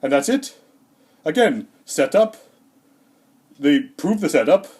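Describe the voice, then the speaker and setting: A man doing a rambling, deadpan comedic monologue in character as Santa, hesitant and full of fillers, a little out of breath. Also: on the high side, slow, breathy edge. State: slightly out of breath.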